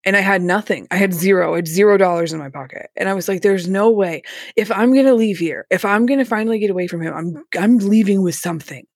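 A woman's voice: medium pitch, quick pace, a little mellow, no echo, clean studio sound. A woman telling her own painful story as an interview guest, candid and emotional, with a few nervous laughs. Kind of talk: personal story told in an interview.

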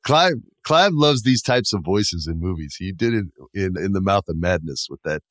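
A man co-hosting a casual horror-film podcast, retelling scenes with lively energy and playing out the lines in exaggerated voices. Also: sits low, moderate pace, no echo. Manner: animated storyteller, acts out movie lines in exaggerated voices. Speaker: podcast co-host. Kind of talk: casual chat.

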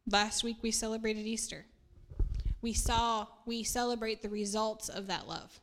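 A woman's voice: a little high, fairly even intonation, unhurried, fairly bright tone. Earnest chatty woman pastor. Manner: earnest, chatty, laughs at herself. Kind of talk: casual sermon.

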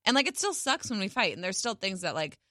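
Woman chatting frankly, bright voice, dry close mic. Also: mid-range voice, sing-song, quick pace, no echo. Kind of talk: casual chat.

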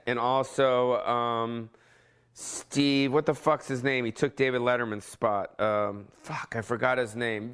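With a smooth, medium-pitched voice, a man hosts his podcast and rants casually from home. He curses a lot, stays animated, and keeps slipping into mock voices.

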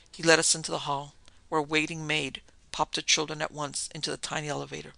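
A man reading a novel aloud as a steady, measured audiobook narrator. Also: fairly high pitch, gravelly, no room sound, rough recording. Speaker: audiobook reader. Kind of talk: scripted narration.

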